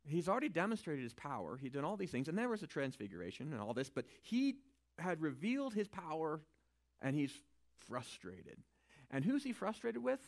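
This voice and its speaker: A man teaching from the Bible in a relaxed, conversational way, his voice sitting a little high for a man. He swings from quiet asides to loud, emphatic lines and keeps checking in with his listeners. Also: moderate pace. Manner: informal, checks in with "right?".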